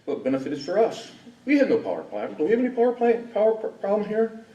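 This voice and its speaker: A man's voice: sits high, sing-song, fast talker, warm tone, dull audio. A man from Wisconsin giving a rambling, indignant public comment full of rhetorical questions at a hearing. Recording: echoey hall from far off.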